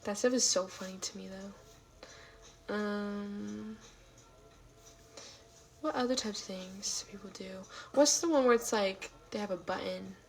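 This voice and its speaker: A woman hosting a casual livestream from home, rambling with lots of fillers as she answers chat, now and then dropping into soft half-whispered asides. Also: mid-range voice, a little slow, long pauses, poor audio. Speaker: livestream host. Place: at home late at night.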